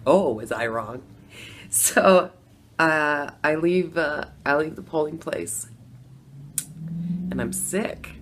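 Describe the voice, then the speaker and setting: A woman's voice: low voice, a little hiss or hum. A middle-aged woman telling a personal story in a casual, conversational way. She laughs often and acts out her own reactions. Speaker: former Democrat voter telling her story.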